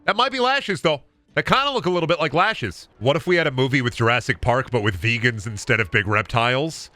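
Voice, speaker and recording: A man's voice: medium pitch, animated, a little fast, bright, forceful tone, dry recording. A man streaming a game, chatting to his audience in a rambling, exaggerated way. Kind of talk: casual live-stream chat.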